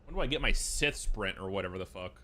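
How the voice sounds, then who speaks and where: A man streaming a video game, chatting casually, excitable and exclamatory, swearing often. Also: low-pitched, fast. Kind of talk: casual gameplay chat.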